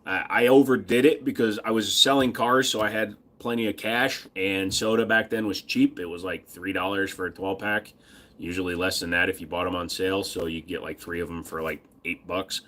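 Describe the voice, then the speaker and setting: A man's voice: low voice, steady tone, normal speed, fairly bright tone. A man hosting a casual livestream, bantering with chat in a crude, profane, joking manner. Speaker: livestream host.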